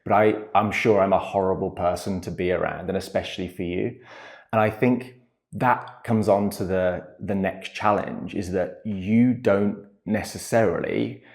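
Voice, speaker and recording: Earnest man, fairly low voice. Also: darkish tone. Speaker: podcast co-host, coach. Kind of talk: casual chat.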